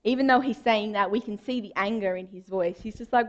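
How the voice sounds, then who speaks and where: A woman's voice: mid-range voice, brisk, hardly any pauses, darkish tone, lo-fi sound. Young woman preaching casually. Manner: chatty, informal, with fillers. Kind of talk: sermon. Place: church.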